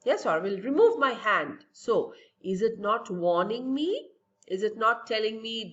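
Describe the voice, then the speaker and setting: A woman's voice: medium pitch, sing-song, takes it slowly, lo-fi sound. A woman teacher giving a recorded science lesson to young children, asking and answering her own questions in a patient, lilting way.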